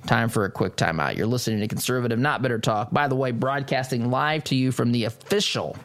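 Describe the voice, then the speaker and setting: A man's voice: mid-range voice, fairly quick, fairly bright tone. A man hosting a political talk radio show, delivering an emphatic monologue with mocking asides. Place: studio.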